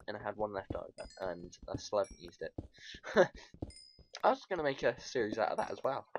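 A man talks his way through a game in a loose, rambling commentary, laughing at himself and addressing his viewers. His voice leaps up and down with lively swings of pitch. The recording sounds dull and lo-fi, like a cheap home microphone. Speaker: gaming video host.

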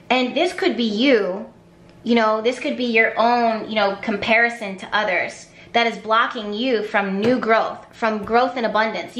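A woman's voice: a little high, fairly bright tone, reverberant. A woman giving an intuitive tarot reading to camera, talking emphatically with repetition and flashes of exasperation. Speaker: tarot card reader.

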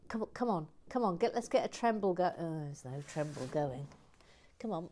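A woman with a fairly low voice talks on a lapel mic while she builds at a table. She chats in a rambling, self-mocking way, often slipping into soft whispered asides. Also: animated, normal speed, a little hiss or hum. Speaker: host building a toy model. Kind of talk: casual chat while building. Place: indoors at a table.

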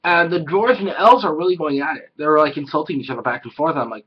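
A man giving an excitable, casual anime review, swearing a lot and breaking into loud exclamations. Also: a little high, quick pace, breathy edge, dull audio.

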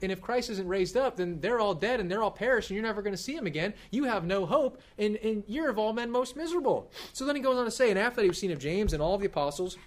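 A man in his thirties preaching a sermon, talking casually and asking the congregation questions. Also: sits high. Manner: conversational, animated, asks the congregation questions. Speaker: pastor. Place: church hall.

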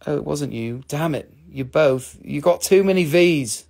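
Gravelly-voiced man selling crystals live. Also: lively intonation, measured pace, a little mellow. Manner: playful, chatty, jumps into squeaky high joke voices. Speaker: live-stream crystal seller. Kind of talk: casual live sales chat.

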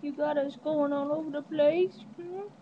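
A woman's voice: high-pitched, steady tone, moderate pace, highs cut off, background noise, pitched above the performer's own voice, lightly acted. A woman voicing her small pet dog talking back to her, in a sweet, babyish coo. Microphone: netbook webcam microphone.

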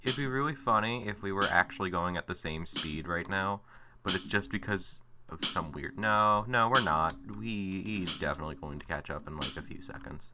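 A man's voice: low-pitched, normal speed, noisy background. A man giving let's play commentary, exasperated and swearing as he talks to himself. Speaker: gameplay commentator. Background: game music.

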